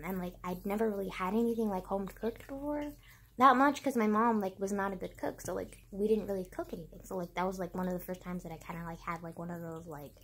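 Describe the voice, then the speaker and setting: A young woman vlogger tells her viewers childhood stories straight to camera, rambling casually and packing her speech with "like" and swearing. Her voice is medium in pitch, with a little hiss or hum in the recording.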